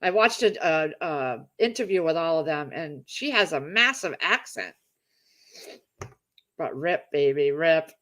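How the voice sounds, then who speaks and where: A woman's voice: sits low, lively intonation, unhurried, fairly bright tone. A middle-aged woman chatting casually on a livestream, reading out viewer comments and gushing over them. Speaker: livestream host.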